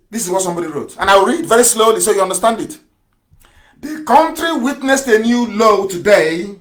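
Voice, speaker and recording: A man giving a live radio address, fiery and mocking, firing off rhetorical questions and swinging from loud outbursts to low mutters. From Nigeria. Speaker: broadcaster.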